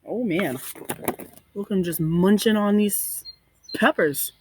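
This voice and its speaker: A woman, a first grade teacher, giving expressive storytime asides for children. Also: medium pitch, slow, a little hiss or hum.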